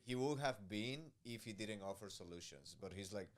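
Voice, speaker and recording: A man in a comedy podcast chat calmly arguing his view in a soft voice. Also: fairly low pitch, moderate pace.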